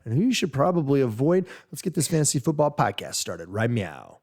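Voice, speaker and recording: A man's voice: mid-range voice, big pitch swings, fairly quick. A man co-hosting a sports podcast in casual chat, laid-back and jokey, rambling with fillers, recording on the road. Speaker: podcast co-host.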